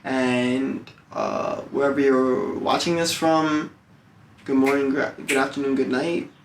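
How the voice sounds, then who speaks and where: A man's voice: mid-range voice, unhurried, a little hiss or hum. A young man with a New York accent giving a casual English lesson to the camera, loose and chatty, acting out example phrases. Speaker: English teacher on a video channel. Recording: echoey room with faint music.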